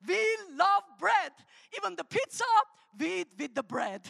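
Woman guest preacher, gravelly edge, playful with the congregation, reverberant church hall. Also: very high-pitched, unhurried. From Armenia. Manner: humorous, animated, calls out to the congregation. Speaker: guest speaker. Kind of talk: sermon with testimony.

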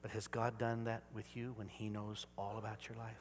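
A man preaching a sermon as pastor, moving between hushed whispers and loud exclamations. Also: lowish voice, completely flat delivery, normal speed, slight background noise. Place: church. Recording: reverberant church hall.

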